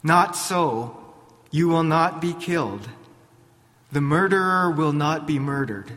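A preacher voicing a tender merciful God. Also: male voice, a little high, slow, a bit bright, long reverb tail. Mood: reassuring. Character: God, tender merciful divine voice questioning gently.

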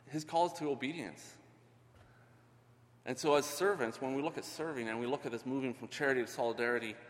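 A man's voice: mid-range voice, long reverb tail. A middle-aged man giving an earnest, conversational sermon as a ministry leader, often restarting his phrases.

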